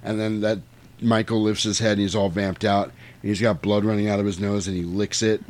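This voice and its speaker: A man's voice: lowish voice, fairly quick. A man in casual chat, telling a movie plot scene by scene, acting out the quotes and swearing freely. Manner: animated storytelling, acts out quotes, swears freely.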